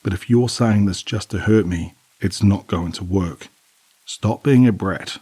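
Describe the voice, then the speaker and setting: A man's voice: deep voice, unhurried, dark tone, husky, no room sound, low-quality recording. A man voicing an irritated middle-aged mother who scolds her daughter. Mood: scolding.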